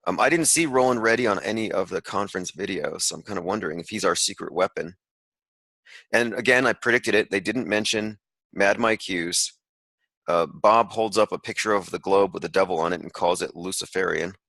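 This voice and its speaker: A man gives sarcastic, rambling commentary to an online call, reading pieces of an article aloud with frequent asides. His voice sits a little low but sounds bright and forceful. The sound is close and dry, with no room around it. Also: fairly quick, vocal fry, no room sound, low-quality recording. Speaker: podcast host.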